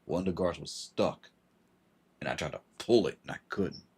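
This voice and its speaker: Very deep, husky-voiced man. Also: darkish tone. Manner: halting, repeats words, emotional and frustrated. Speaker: vlogger. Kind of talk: personal storytelling livestream.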